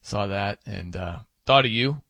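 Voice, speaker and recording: A man's voice: fairly low pitch, unhurried, no echo. A man filling in as a sports radio host, bantering casually and jokingly with fillers from a studio mic. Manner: animated, joking, rambling with fillers. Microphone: close studio mic.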